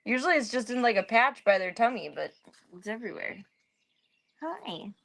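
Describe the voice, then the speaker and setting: A woman's voice: fairly high pitch, fast talker, vocal fry, fairly bright tone. Woman cooing to her cat. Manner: cooing baby talk to a cat. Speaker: livestreamer. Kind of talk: casual chat to her pet cat.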